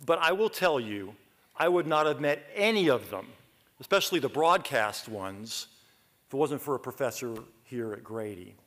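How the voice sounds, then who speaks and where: A middle-aged man from Georgia, giving a humorous acceptance speech full of lively asides. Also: medium pitch, normal speed. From Athens, Georgia, US. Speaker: award honoree giving a speech.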